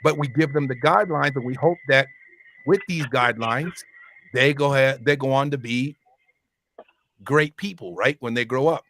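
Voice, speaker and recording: A man hosting a casual chat, animated and swearing freely, with loud bursts when he gets worked up. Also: mid-range voice, moderate pace.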